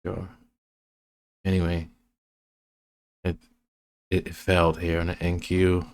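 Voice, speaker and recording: A man's voice: sits low, monotone, slow pace, clear, resonant tone. A man casually walking through trading charts, rambling and restarting his sentences. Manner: rambling, restarts often, many fillers. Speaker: trading educator.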